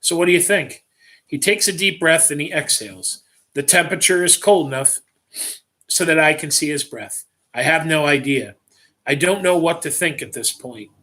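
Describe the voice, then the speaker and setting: A man reading a first-person story aloud on a livestream, with steady, plain delivery. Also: fairly high pitch, moderate pace. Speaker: story reader.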